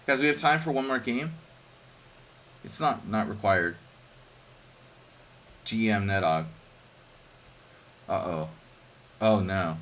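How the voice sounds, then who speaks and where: A man talks through his chess moves on a live stream in a relaxed, joking way, often thinking aloud. His voice sits a little low. He chats with his viewers between variations. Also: takes it slowly, long pauses, a little hiss or hum. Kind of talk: casual live-stream commentary.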